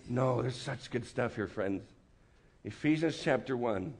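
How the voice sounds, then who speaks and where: A man preaching a lively, joking sermon to a student meeting, acting out quick voices as he goes. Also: mid-range voice. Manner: animated, joking, acts out voices. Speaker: campus ministry speaker. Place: meeting room with an audience.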